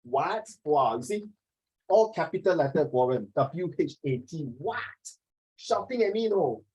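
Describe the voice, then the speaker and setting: Male teacher, fairly high voice, quick and teasing, online class, video call sound. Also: expressive, mellow, breathy edge, dull audio. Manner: fast, joking, sprinkles "ah" and "okay". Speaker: English teacher.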